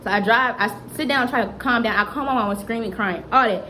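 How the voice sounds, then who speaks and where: A young woman vlogger telling a dramatic personal story in a lively, chatty way, often turning to address her viewers. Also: fairly high pitch, fast, slight background noise, low-quality recording. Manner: animated, dramatic retelling that keeps addressing viewers directly. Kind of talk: storytime vlog.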